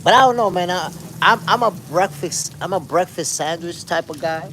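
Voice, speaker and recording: A man hosts a casual stream, talking in a slangy, laid-back way as he reads out viewer comments. His voice sits a little high for a man. Faint noise hums behind him. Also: normal speed, a bit bright. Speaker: host. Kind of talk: casual live-stream chat.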